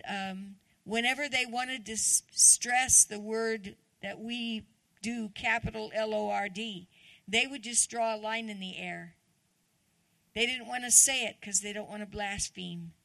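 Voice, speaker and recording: A woman's voice: medium pitch, gravelly, pushed and bright, no echo. A woman guest preacher giving a chatty, conversational sermon, often asking the congregation questions.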